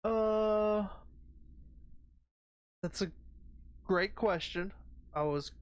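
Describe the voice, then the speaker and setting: A player voicing a character in a tabletop game, speaking in a hesitant, halting way. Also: medium pitch, clean tone, dry recording. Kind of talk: casual in-character play.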